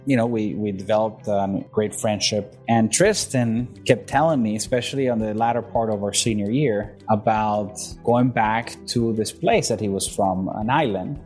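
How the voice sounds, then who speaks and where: A man from Venezuela, a guest in an interview, telling stories in a lively way, acting out the people in them and laughing along. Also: lowish voice. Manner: animated storyteller, acts out quotes and laughs. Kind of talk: storytelling in an interview.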